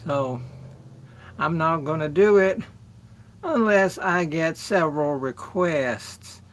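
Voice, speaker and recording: Slow-talking man hosting a music livestream. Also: fairly high pitch. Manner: slow, rambling, greets chatters by name. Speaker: livestream music show host. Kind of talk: casual livestream chat with viewers.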